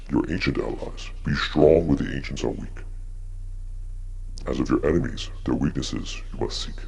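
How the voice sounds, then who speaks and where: Casting: man as an ancient spirit, very low and gravelly, husky, solemn rhymes. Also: a little mellow, heavily acted. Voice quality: deep gravelly. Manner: solemn rhyming pronouncements.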